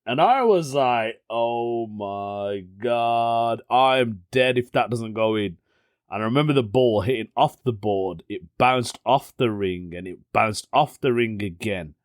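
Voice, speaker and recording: A young man chats through his solo podcast, musing aloud and drifting into stories. His voice sits at an ordinary middle pitch and he laughs easily. The recording is dry and close, with no room sound. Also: animated, a little slow, no room sound. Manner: chatty storyteller, laughs often, British slang like "innit". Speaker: podcast host. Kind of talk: casual solo podcast chat.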